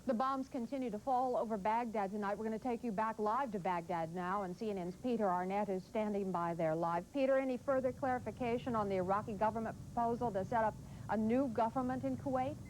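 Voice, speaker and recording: A female news anchor with a fairly high voice talks at a quick pace, handing over to reporters in the field. Faint noise under the broadcast. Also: darkish tone, low-quality recording.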